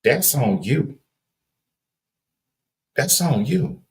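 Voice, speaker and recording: Deep-voiced Southern man preaching encouragement. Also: a little slow, reverberant. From Louisiana. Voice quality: deep, folksy, repetitive cadence. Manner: emphatic and earnest, builds to raised emphasis. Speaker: livestream host. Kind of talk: preachy motivational talk.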